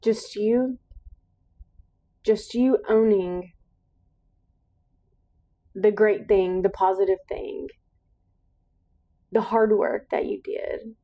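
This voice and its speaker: Slow, earnest woman podcast host. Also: mid-range voice, steady tone, warm tone, muffled recording. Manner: slow, earnest, emphatic repetition. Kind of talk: encouraging solo podcast monologue.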